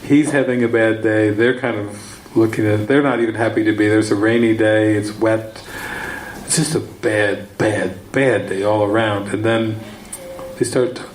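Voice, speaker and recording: A man's voice: lowish voice, steady tone, moderate pace. Man telling a story in an echoey room. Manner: storytelling, repeating words for emphasis. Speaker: spiritual teacher. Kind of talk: spiritual teaching talk. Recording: echoey room, faint ambience.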